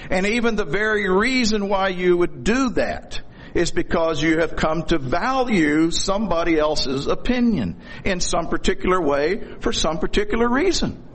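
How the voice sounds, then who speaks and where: A man's voice: high-pitched, breathy edge. A middle-aged man preaching a sermon in a folksy, storytelling way, with corny jokes.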